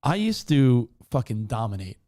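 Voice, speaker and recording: A man co-hosting a talk show, telling stories in a profane, animated way. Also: mid-range voice, moderate pace. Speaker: radio show co-host. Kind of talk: casual talk-show banter.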